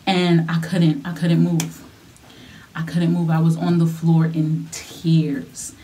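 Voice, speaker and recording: A woman's voice: deep voice, monotone, slow, warm tone, recorded from a distance, a little hiss or hum. A young woman vlogger telling a personal story in a casual, chatty way, repeating herself and using lots of fillers.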